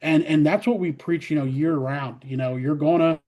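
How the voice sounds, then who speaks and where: A man with a fairly high voice for a man talks energetically about coaching, stacking up fillers and restarts. He tells stories casually in an interview. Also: lo-fi sound. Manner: energetic, quick storytelling with many fillers and restarts. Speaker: college softball head coach, guest.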